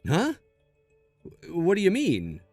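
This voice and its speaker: A man's voice: high-pitched, huge pitch swings, slow, warm tone, no room sound, soft background music, full character voice. A man playing a lying, evasive husband with a glib manner. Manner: glib, then pleading.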